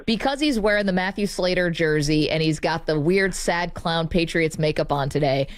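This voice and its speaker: Female radio host, thirties, quick banter, lots of laughter. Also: fairly low pitch. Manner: bubbly, laughs a lot, banters. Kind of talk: casual radio chat.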